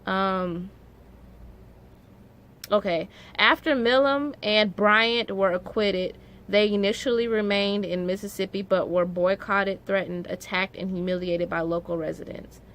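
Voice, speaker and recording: A young woman speaks to her viewers at an unhurried pace in a middle-range voice. She tells the story casually, scattering "like" through her sentences, and grows openly emotional and indignant. It sounds like an everyday vlog. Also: mid-range voice, steady tone, fairly bright tone. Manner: emotional, many "like" fillers, rising indignation. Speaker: vlogger.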